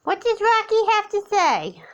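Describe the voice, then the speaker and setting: A woman with a high, very lively voice talks to her pets at home in sing-song baby talk. She speaks slowly, her pitch swooping up and down as she coaxes the animals. The tone is light and playful throughout. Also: lo-fi sound. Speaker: pet owner. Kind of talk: home pet video.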